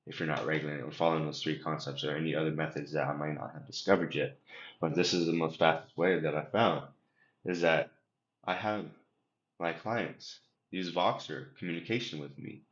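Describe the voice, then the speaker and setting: A man coaching on emotional regulation, speaking earnestly in a rambling podcast interview, often repeating his words. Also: a bass voice. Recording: roomy, dull lo-fi sound.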